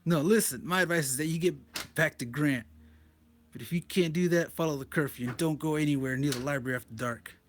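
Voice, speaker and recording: A man's voice: fairly high pitch, a little fast, natural voice. A man voicing a young male college student who insists on a blunt warning. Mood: insistent.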